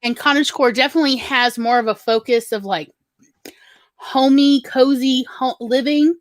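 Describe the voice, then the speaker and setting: Chatty rambling woman, higher voice. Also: moderate pace, no room sound. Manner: chatty, rambling storyteller with many fillers. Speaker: podcast co-host. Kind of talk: casual chat.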